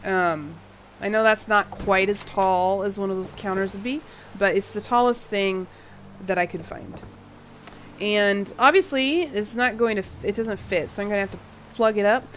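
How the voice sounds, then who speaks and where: A woman's voice: medium pitch, normal speed, a bit bright, slight background noise. A woman casually commenting while she builds in a video game, thinking aloud and rambling as she goes. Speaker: gaming video creator.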